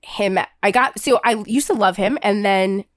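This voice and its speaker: A woman's voice: medium pitch, normal speed, dry recording, studio quality. A young woman co-hosting a casual chat, chatty and giggly. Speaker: podcast co-host.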